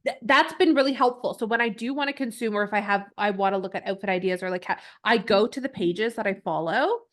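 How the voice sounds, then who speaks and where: A woman's voice: medium pitch, quick pace. A woman co-hosting a podcast, telling stories in casual chat. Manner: chatty storyteller, laughs while telling stories. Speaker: podcast co-host.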